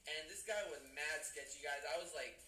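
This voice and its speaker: Excitable young man telling a story. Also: a little high, moderate pace, soft background music. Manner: excitable, repeats words for emphasis. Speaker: vlogger. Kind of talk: animated storytelling to camera. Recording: roomy, slightly distant, faint ambience.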